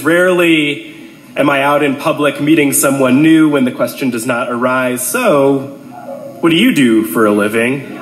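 A priest in his late twenties with a cold and a nasal voice, giving a measured, wry talk to an audience. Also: a little high, reverberant, poor audio. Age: 20s. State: has a cold, clears throat.

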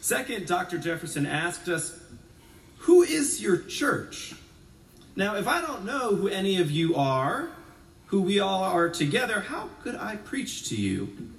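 Relaxed male priest preaching in a roomy church. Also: high-pitched, moderate pace, gravelly. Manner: conversational and self-deprecating, then reflective. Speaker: Episcopal priest. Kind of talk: sermon. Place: church sanctuary. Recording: roomy church echo from a distance.

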